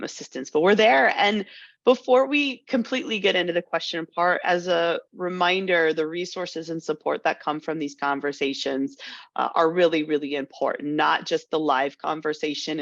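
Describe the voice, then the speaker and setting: A woman hosting a video call panel, introducing a guest with frequent restarts and pauses. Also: sits low, dry recording. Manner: halting, restarts often. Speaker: host. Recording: dull dry video call audio.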